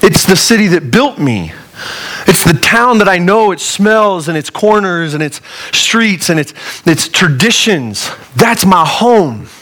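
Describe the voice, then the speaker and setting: Colorado guy preaching, pastor, chatty and earnest, slightly high voice, jokes around a bit. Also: very animated, a little slow. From Colorado, USA. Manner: earnest, conversational preaching with wide swings in pitch and loudness. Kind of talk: sermon.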